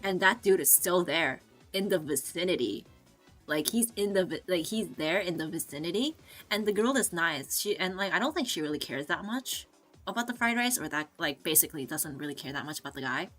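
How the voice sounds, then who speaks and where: A woman's voice: fairly low pitch, lively intonation, a little fast, fairly bright tone, faint music behind. A woman streamer telling a story in casual chat, swearing freely, filling her speech with "like," and mimicking the people she quotes. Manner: chatty, swears freely, fills with "like". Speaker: VTuber streamer.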